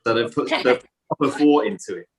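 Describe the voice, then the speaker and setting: A man in his late twenties with a Birmingham accent, doing a stand-up set in a flat, deadpan, bleak-sounding voice. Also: medium pitch, quick pace. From England. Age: late 20s. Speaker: stand-up comedian. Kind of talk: stand-up set on a video call.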